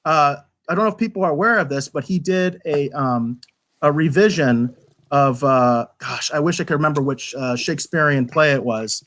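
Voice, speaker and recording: Male podcast reviewer, slightly high voice, rambling and animated, exasperated. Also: moderate pace. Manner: rambling, repeats words when restarting. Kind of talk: casual review chat.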